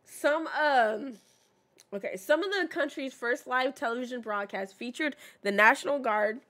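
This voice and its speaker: A woman's voice: fairly high pitch, a bit bright. A woman streamer chatting casually while playing and reading signs aloud, often stumbling and restarting mid-sentence.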